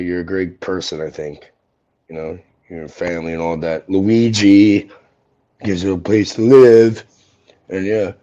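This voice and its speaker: A man's voice: low voice, warm tone. A man ranting angrily and profanely on a livestream, confronting someone he is arguing with. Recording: dull lo-fi audio.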